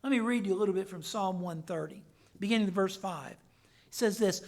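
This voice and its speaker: A man, a pastor, preaching a sermon and reading scripture aloud, swinging between loud declaring and hushed asides. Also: high voice, a little fast.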